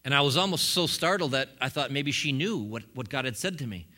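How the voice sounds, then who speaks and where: A middle-aged male pastor preaching with a bright, forceful tone. He tells his testimony in an animated way, slipping in humorous asides. His voice sits at an ordinary pitch for a man. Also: fairly quick. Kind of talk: sermon testimony.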